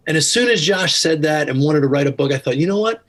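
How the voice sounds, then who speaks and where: Husky-voiced man telling stories. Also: a little high, animated, quick pace, fairly bright tone. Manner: earnest, anecdotal, with many restarts. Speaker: podcast guest, author. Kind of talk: casual storytelling interview.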